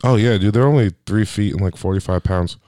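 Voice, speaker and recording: Fast-talking deep-voiced man rambling. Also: warm tone, dry recording, studio quality. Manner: rambling, profane storytelling full of "like". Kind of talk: casual podcast chat.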